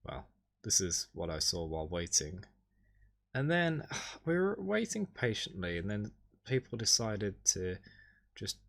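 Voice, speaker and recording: This streamer goes over his holiday snapshots in a relaxed, wry ramble, with sudden excited spikes in his pitch.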